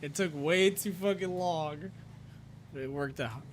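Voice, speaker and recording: A man's voice: on the high side, unhurried, a little hiss or hum. A man streaming a role-play game, talking to himself, swearing often and swinging between frustration and disbelief. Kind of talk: live game-stream commentary.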